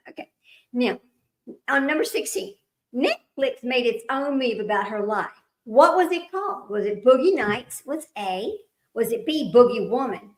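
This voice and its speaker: A woman hosting a trivia livestream, chatting casually with viewers and often laughing at herself as she rambles. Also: fairly high pitch. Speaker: livestream host running trivia. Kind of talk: casual chat with live viewers. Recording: roomy echo.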